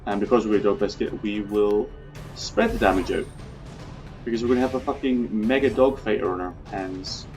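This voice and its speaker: A man's voice: on the low side, moderate pace, a little mellow, faint music behind. A man casually commenting on his own gameplay, chatty, swearing freely and talking through his plans. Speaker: video game let's player.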